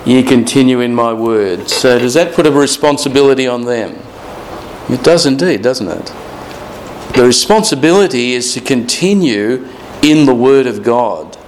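Man, pastor, sermon, emphatic scripture reading, mid-pitched voice. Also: slight background noise, low-quality recording. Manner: slow emphatic reading of scripture, drawn-out phrases.

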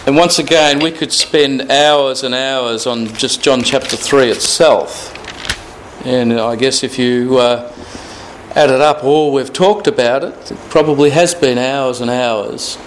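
Slow, emphatic male Bible teacher. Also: mid-range voice, slight background noise, rough recording. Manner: emphatic, stresses key words, reads scripture aloud; repeats phrases, asks rhetorical questions.

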